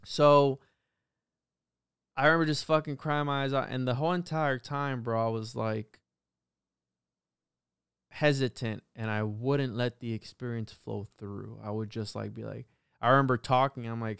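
A man in a casual podcast conversation, telling a story in an animated, profane way, full of "bro" and "like". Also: mid-range voice, normal speed, gravelly, pauses often, smooth, no echo, clean studio sound. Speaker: podcast guest or host.

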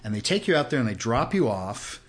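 A man's voice: mid-range voice, very animated, fairly quick. A man in his sixties from Los Angeles, a podcast guest telling stories casually, acting out the voices of people in his anecdotes. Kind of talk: casual storytelling. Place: host's house.

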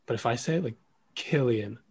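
A man interviewing a former mentor in a relaxed, self-deprecating way, with many fillers like "like" and "um". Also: medium pitch, fairly quick, husky. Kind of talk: casual conversational interview.

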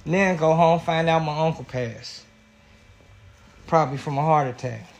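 A man's voice: a little high, moderate pace, creaky. A man animatedly telling a profane story in casual chat with a friend.

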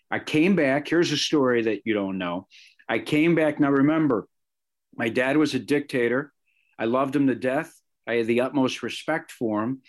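A middle-aged man from the area, a sportscaster telling personal stories in an interview, animated and full of asides. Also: mid-range voice. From Chicago area, Illinois. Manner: animated, anecdotal, with fillers and self-corrections. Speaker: sportscaster guest.

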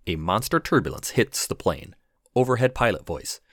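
A man who is an ER physician and podcast host, telling a scripted funny story with wry, deadpan delivery. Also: lowish voice, normal speed, no room sound, studio quality.

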